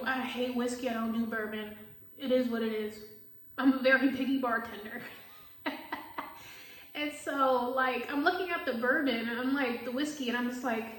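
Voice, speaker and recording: High-voiced woman telling a profane story. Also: distant mic. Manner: animated, profane, acts out both sides of conversations. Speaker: tarot reader telling a story. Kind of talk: casual storytelling monologue. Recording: echoey room.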